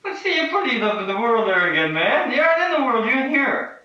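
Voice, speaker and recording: A man's voice: extremely high pitch, sing-song, fast, pushed and bright. A man talking in a giggly, drifting, repetitive ramble, recorded for a documentary on old tape. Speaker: documentary subject. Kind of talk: candid rambling monologue. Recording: echoey, distant, dull old tape.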